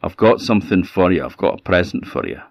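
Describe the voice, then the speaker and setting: A man's voice: low-pitched, animated, fast talker, gravelly, no echo, highs cut off, exaggerated voice. A man with a Scottish accent voicing a mild, eager old woodcutter. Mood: plain. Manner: plain-spoken, hushed and secretive at times.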